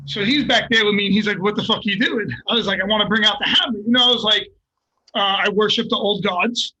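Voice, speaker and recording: An older man tells a story with animated, profane energy. His voice sits high and bright, with a husky edge to it. He talks in loose, chatty bursts. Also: fast talker, rough recording. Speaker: guest fighter. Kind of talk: casual storytelling.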